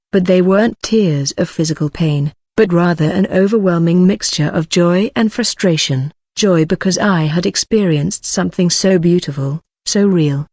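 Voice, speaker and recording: A woman's voice: fairly low pitch, darkish tone, dry recording, lo-fi sound. A woman telling a first-person story in earnest, dramatic scripted narration.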